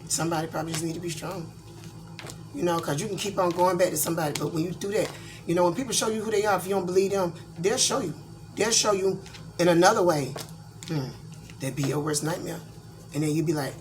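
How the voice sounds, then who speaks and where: This middle-aged woman from Georgia speaks a little fast in a fairly low voice, rambling candidly with lots of fillers as a tarot reader in a laid-back vlog. She's blunt, and the recording carries a little hiss or hum.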